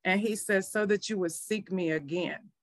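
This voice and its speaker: A woman's voice: medium pitch, moderate pace, no echo. A middle-aged woman pastor, telling her faith story in an earnest, emotional way. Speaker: pastor and minister. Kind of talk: testimony in a faith interview.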